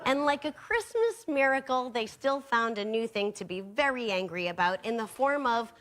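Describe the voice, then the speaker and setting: High, lively sarcastic woman host. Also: moderate pace. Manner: sarcastic, punchy, mocking. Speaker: comedy show host. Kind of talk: stand-up monologue. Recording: studio with audience and noise.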